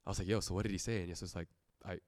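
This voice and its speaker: A man's voice: sits low, steady tone, very fast, darkish tone, no echo, clean studio sound. A young man giving an earnest, personal sermon testimony, laughing often as he talks. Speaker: church speaker giving a testimony.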